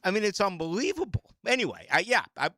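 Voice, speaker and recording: A man's voice: high-pitched, fast talker, no echo. A man hosting a sports radio show, ranting in casual talk. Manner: animated, ranting. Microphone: studio microphone.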